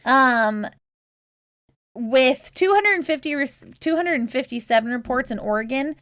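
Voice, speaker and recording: A woman's voice: sits high, expressive, unhurried, fairly bright tone, clear, resonant tone, no echo, studio quality. A woman co-hosting a casual podcast, chatty and laughing often, reading out research with fillers. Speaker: podcast co-host.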